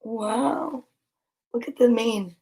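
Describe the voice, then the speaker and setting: A woman with a high-pitched voice reads picture books to young children. She keeps it casual and cheerful, comments on each page as she goes, and eases into a slow lilting rhythm when she reads rhyming verse. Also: gravelly, warm tone. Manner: chatty and cheerful, comments between pages; slows down and lilts when reading verse. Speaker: storyteller reading picture books aloud. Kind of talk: casual read-aloud for children.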